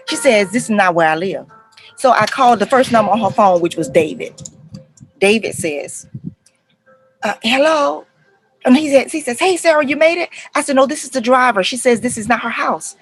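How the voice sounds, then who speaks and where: A middle-aged woman, a counselor telling stories to parents in a lively, conversational way and acting out the voices. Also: a little high, poor audio. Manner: animated retelling, acts out voices, addresses viewers as y'all. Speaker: counselor and life coach speaking to parents. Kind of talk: casual talk to camera, storytelling.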